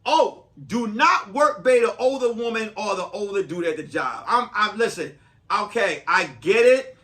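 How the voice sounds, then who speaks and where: A man's voice: high voice, animated, moderate pace, bright, forceful tone. A man hosting a podcast as a comedian, giving profane, emphatic, rambling advice in a comic monologue.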